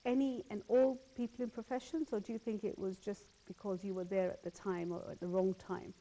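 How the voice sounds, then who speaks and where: A woman's voice: medium pitch, fairly even intonation, a little fast, mellow. A woman hosting a phone-in talk show, speaking earnestly and repeating words as she builds her points. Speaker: host.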